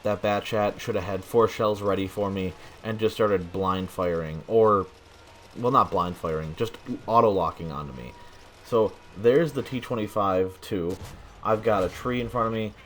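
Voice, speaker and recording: A tired young man talking through his own tank game in a flat, monotone commentary, swearing now and then. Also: deep voice, a little hiss or hum. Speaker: gameplay commentator. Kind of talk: gameplay commentary.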